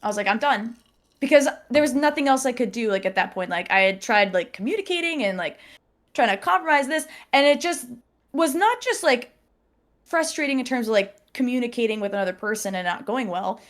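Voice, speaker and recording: A young woman tells a personal story in a casual chat, her voice sitting a little high. She acts out what people said and laughs often between lines. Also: animated, fairly quick. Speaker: podcast guest.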